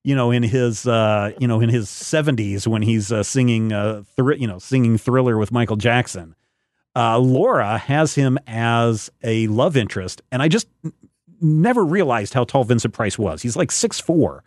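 A man's voice: medium pitch, a little mellow, dry recording. Rambling male podcast host, dry sound. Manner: rambling, halting, lots of fillers. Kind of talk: casual chat.

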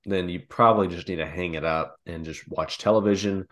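A man's voice: sits low, steady tone, fairly quick, a bit bright. A man co-hosting a casual comedic chat, rambling into long joking hypotheticals. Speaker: podcast co-host.

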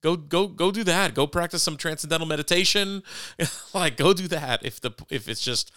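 A man's voice: fairly high pitch, expressive, normal speed, few pauses, sharp tone, dry recording, clean studio sound. A man co-hosting a casual faith discussion podcast, conversational and self-deprecating, often restarting his sentences. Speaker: podcast co-host.

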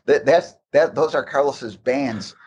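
A man recounts behind-the-scenes stories in a loose, rambling way, restarting sentences as he goes. His voice sits at an ordinary middle pitch, with a faint background hum behind him. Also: measured pace, lo-fi sound. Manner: rambling, restarts often, animated anecdotes. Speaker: guest recalling game development. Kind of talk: casual interview storytelling.

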